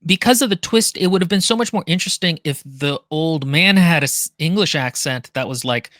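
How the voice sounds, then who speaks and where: Bright tense voice, really lively ups and downs, thinking out loud about a book. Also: mid-range voice, a little fast, no room sound, studio quality. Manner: analytical, expressive, wide-ranging intonation. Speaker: book podcast co-host. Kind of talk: casual book discussion.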